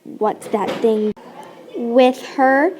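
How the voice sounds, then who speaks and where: A woman voicing a squeaky, silly witch stepsister who giggles and squeals. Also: very slow, a little mellow, slight background noise, low-quality recording.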